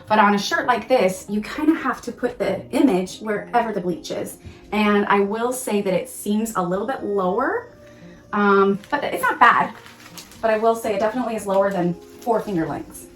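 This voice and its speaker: A woman hosting a casual crafting tutorial, gushing and excitable, often exclaiming over her work. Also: medium pitch, normal speed, reverberant, faint music behind. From Pacific Northwest of the US. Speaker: crafting channel host.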